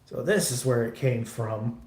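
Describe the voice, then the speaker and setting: Male streamer, unhurried and profane, rambling casual chat, roomy sound. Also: medium pitch, a little mellow, slight background noise. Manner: rambling and profane, many restarts. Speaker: livestreamer. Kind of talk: casual chat while building a model kit.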